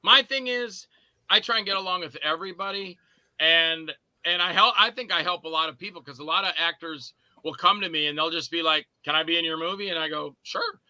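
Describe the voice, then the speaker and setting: A man guests on a casual podcast and tells story after story, slipping into the voices of the people he quotes. His voice sits high and rings very bright and sharp. The sound is dry and close. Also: brisk, no room sound, poor audio. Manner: animated anecdotes, acting out quoted voices.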